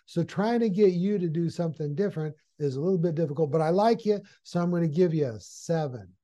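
A man's voice: fairly high pitch, brisk, dark tone, natural voice. Man doing a chatty office boss. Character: friendly middle-aged male office boss.

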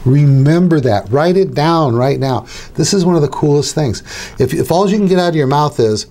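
A man's voice: a little high, lively intonation, normal speed, warm tone. A middle-aged man who works as a hypnotist, teaching other hypnotists in a casual, conversational way. He repeats his key phrases and acts out little dialogues. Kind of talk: instructional talk to camera.

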